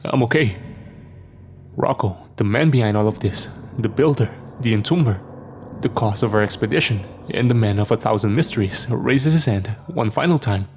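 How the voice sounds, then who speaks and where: A man's voice: fairly low pitch, fairly quick, darkish tone, slight background noise. A man narrating a scripted first-person horror story. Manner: dramatic first-person storytelling, lines for each character read aloud.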